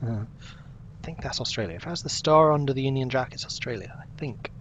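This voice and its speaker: This game streamer is a young man with a mid-range voice who talks a little fast, with slight background noise. He casually chats with viewers and mutters to himself during play.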